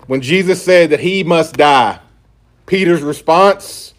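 A man's voice: fairly high pitch, slow. A man preaching a sermon and reading scripture aloud in an emphatic style. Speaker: pastor.

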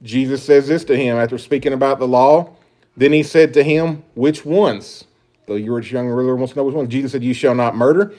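A man's voice: mid-range voice, a little fast, darkish tone. A man preaching a sermon, emphatic and full of rhetorical questions, rising and dropping in volume as he stresses points. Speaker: pastor.

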